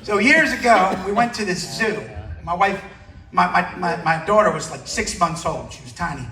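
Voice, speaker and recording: A man doing a stand-up comedy set, telling a story with shouted screams and acted-out dialogue. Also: sits high, moderate pace. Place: comedy club stage. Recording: echoey club from a distance.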